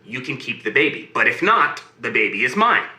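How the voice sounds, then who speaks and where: A man voicing a sly, greedy male imp in a bedtime fairy tale, dropping to a low menacing hush, recorded in an echoey room. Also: big pitch swings, a little fast, distant mic. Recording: roomy echo.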